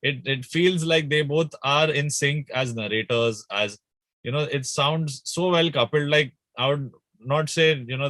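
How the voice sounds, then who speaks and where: A man's voice: mid-range voice, fairly bright tone, dry recording. A young man, a musician talking casually in an interview, rambling with restarts and fillers. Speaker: guest musician.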